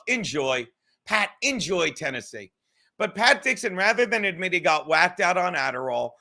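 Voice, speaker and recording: A man with a high, bright voice rants on his podcast, swearing constantly and talking fast. He sounds heated and keeps jumping from grudge to grudge, laughing between jabs. It plays as a loose, unscripted livestream monologue. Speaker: podcast host.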